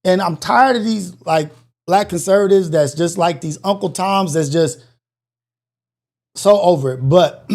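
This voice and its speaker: A man's voice: high voice, a little slow, creaky, a little mellow. A man hosting a live call-in show, ranting in a blunt, incredulous way and swearing freely.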